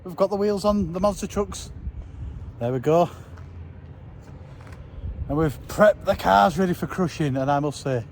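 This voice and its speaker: A man's voice: sits high, a little slow, pauses often, darkish tone, slight background noise. A man casually vlogging outdoors as a monster truck driver, chatty and wryly self-mocking, recorded on a handheld camera. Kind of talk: casual travel vlog. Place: outdoors at a show site and on a ferry.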